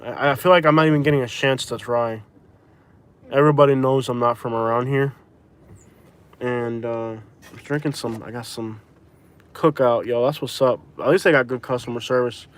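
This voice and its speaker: A man's voice: medium pitch, steady tone, normal speed. A man from Florida talks from the driver's seat of a car during a live stream. He rambles loosely, stops and restarts his sentences, and sounds tired from a migraine. His voice sits in an ordinary middle range. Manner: rambling, self-correcting, chatty. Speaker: vlogger. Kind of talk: casual live-stream chat. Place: inside a vehicle.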